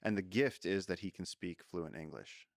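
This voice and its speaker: A man who is a guest in an interview, telling animated jungle stories and acting out the voices of people and animals. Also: deep voice, moderate pace, vocal fry, no room sound, studio quality. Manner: animated storyteller who acts out voices in quotes. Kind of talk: storytelling in a casual interview.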